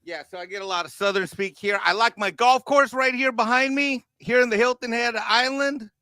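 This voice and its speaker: Brash, sarcastic high-voiced man. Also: normal speed, bright, forceful tone, no echo. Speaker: co-host. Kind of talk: casual political chat. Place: home near a golf course.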